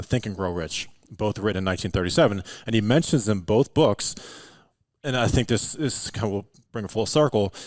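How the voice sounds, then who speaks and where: A man talking in a relaxed, casual way as a podcast guest, filling his speech with "like" and "you know". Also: fairly low pitch, dry recording. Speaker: podcast guest, meditation and breathwork practitioner. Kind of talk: casual chat.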